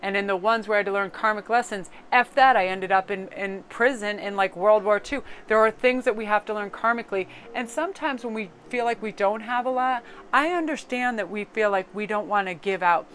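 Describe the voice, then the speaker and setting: A woman's voice: mid-range voice, fairly quick, hardly any pauses, a bit bright, slight background noise, rough recording. A middle-aged woman from Connecticut giving a casual, chatty tarot card reading. She swears casually and slips into joke accents now and then. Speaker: tarot reader.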